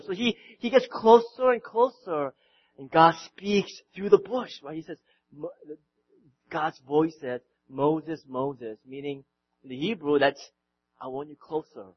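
A man preaching a sermon, swinging from loud outbursts to quiet, intimate passages and often repeating his words. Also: a little high, husky, muffled recording. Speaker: pastor.

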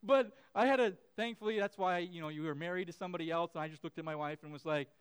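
Talking very fast in a fairly high, smooth voice, a thirty-something pastor gives a conversational sermon packed with fillers and false starts. When his stories quote his children or himself, he performs each voice.

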